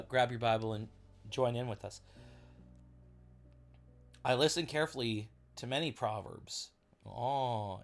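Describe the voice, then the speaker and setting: Excitable man hosting a Bible livestream. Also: medium pitch. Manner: chatty, excitable, reacts to chat with outbursts. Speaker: livestream Bible study host. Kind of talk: casual livestream Bible teaching.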